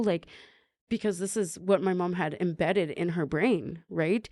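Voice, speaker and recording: A woman's voice: lowish voice, measured pace, warm tone, no echo. A woman from Canada, a podcast guest, telling her personal recovery story in an earnest way and often tagging sentences with questions.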